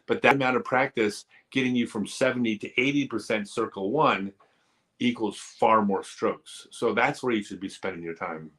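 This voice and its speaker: A man's voice: lowish voice, moderate pace, fairly bright tone. A man hosting a live stream, answering viewer questions in a candid, earnest, casual way, sometimes joking and teasing. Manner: candid, earnest advice-giving.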